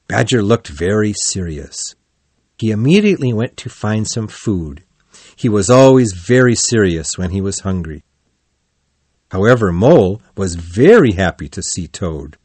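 A man narrating a children's animal story in a measured, clear reading voice. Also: fairly low pitch, sing-song, darkish tone, no room sound.

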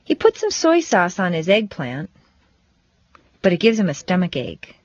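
A woman teaching English pronunciation, reading set phrases and sentences with slow, deliberate, exaggerated stress for learners to repeat. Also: lowish voice, huge pitch swings, dry recording, lo-fi sound. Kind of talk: scripted pronunciation drill.

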